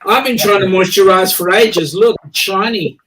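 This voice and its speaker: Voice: medium pitch, moderate pace, a bit bright. Chatty host reading comments, faint noise. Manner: chatty, reads out viewer comments. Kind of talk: casual group video chat. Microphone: video call.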